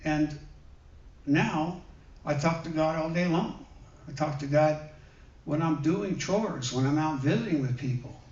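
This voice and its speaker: Man preaching gently in an echoey hall. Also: on the high side. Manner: gentle, conversational, with many pauses and fillers. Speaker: guest minister. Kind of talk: sermon with personal stories. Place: church hall. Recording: roomy, dull sound from a distant mic.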